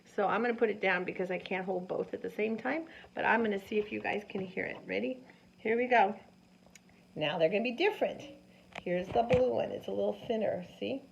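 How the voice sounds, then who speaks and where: A woman teaching a science lesson to children, animated and sing-song, often asking them questions. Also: medium pitch, brisk, creaky. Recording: dull lo-fi sound with faint noise.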